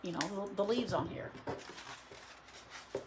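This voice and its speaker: A woman's voice: mid-range voice, slow, very noisy. A woman chatting casually through a live painting demo, rambling with lots of fillers. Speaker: painting instructor and studio owner. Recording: roomy echo.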